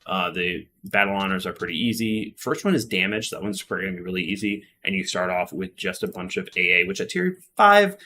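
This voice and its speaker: A man's voice: low-pitched, animated, brisk, hardly any pauses, pushed and bright, slight background noise. A man with a Midwestern accent, casually chatting and explaining on a game stream, with lots of fillers. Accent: Midwestern American.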